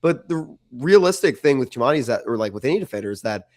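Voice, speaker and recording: A man's voice: medium pitch, expressive, fast, darkish tone. Guy breaking down his team's play on a podcast, opinionated, lots of likes and restarts, ordinary voice. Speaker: podcast co-host. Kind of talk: casual sports chat.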